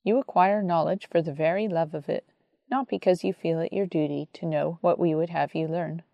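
A woman voicing a kind older brother in heaven, speaking earnestly and gently. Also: fairly low pitch, normal speed, creaky, no room sound, dull audio. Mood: encouraging.

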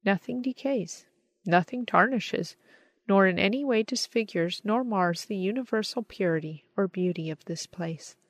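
A woman reading the part of a kindly, wise man who gently explains things to a newcomer, in a calm, measured storybook manner. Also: mid-range voice, no echo, close to an everyday voice. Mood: gentle.

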